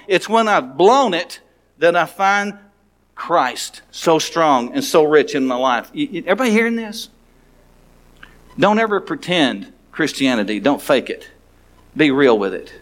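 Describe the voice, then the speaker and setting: A man's voice: high-pitched, animated, a little slow, fairly bright tone. A man, a pastor, preaching a sermon in a conversational, frank way, often restarting his sentences.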